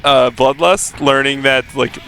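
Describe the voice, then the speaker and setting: A man's voice: mid-range voice, steady tone, measured pace, creaky, bright, forceful tone. A man in his thirties, a podcast co-host in casual chat who laughs often and answers with short agreeing replies. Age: 30s.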